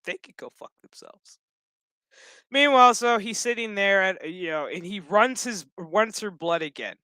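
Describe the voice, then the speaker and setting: A man rambles through a casual, swear-filled TV episode recap, cracking jokes as he goes. His voice is bright and crisp. The recording is dry and close. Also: high voice, expressive, normal speed, dry recording, poor audio. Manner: profane, rambling and joking. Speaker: gaming channel host.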